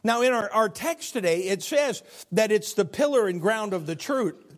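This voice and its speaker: A male pastor delivering a sermon in a high voice that swoops up and down with energy. He tells stories with frequent stammered restarts. His pitch lifts when he gets excited and sinks low and soft on the serious points. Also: moderate pace, few pauses. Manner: animated storytelling with stammered restarts.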